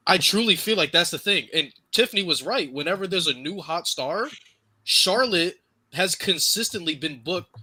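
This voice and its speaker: A man's voice: sits high, lively intonation, normal speed, bright, forceful tone, breathy edge. A man co-hosting a casual wrestling podcast, chiming in with earnest, agreeable opinions. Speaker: podcast co-host.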